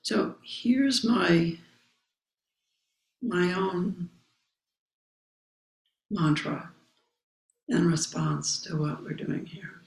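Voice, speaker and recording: A woman Zen teacher giving a dharma talk, reading a meditation text aloud and commenting on it in a slow, contemplative way. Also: fairly low pitch, lively intonation, gravelly, darkish tone, roomy sound, low-quality recording. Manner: slow, contemplative, pausing often. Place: meditation hall.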